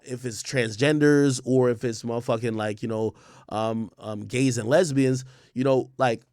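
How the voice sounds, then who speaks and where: Hosting a laid-back commentary livestream, this man is blunt, profane and emphatic, circling back to the same points again and again. His mid-range voice is darkish, clear and resonant, with fairly even intonation and a moderate pace, captured in studio quality with no echo.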